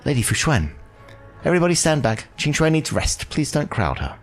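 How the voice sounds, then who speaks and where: A man's voice: a little high, sing-song, brisk, soft background music, voice pushed up. Commanding young woman diviner, firm orders , played by a man reading a game. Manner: commanding, protective. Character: stern young female diviner.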